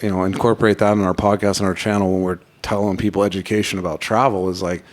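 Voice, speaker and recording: Male podcast host, forties, low voice, rapid-fire profane chat. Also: little pitch movement. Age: 40s. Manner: blunt, profane ranting.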